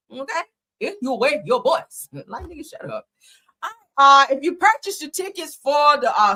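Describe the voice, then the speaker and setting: Lively, bright-voiced woman host. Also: high voice. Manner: animated, slangy, laughs often. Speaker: livestream host. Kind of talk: casual commentary chat.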